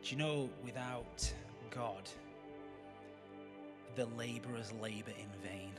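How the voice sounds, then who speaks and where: A man's voice: mid-range voice, slow pace, music in the background. A man, a pastor giving a sermon in a chatty way, with joking asides to the congregation.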